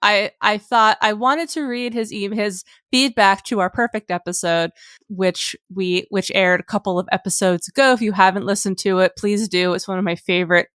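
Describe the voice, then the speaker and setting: A woman's voice: mid-range voice, fairly even intonation, moderate pace, fairly bright tone, clean tone, dry recording, clean studio sound. A woman co-hosting a film podcast in casual chat, playful and laughing often. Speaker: podcast co-host.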